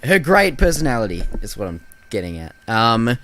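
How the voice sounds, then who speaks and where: Animated young man ranting about films. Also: mid-range voice, moderate pace, no echo. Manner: animated, swears freely, lots of ums, mocking impressions. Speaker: podcast co-host. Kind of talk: casual film review chat.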